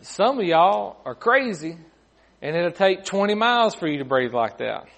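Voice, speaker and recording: A man's voice: high voice, big pitch swings, moderate pace, vocal fry, fairly bright tone. A man preaching a sermon in a folksy way, often repeating his words and adding humorous asides.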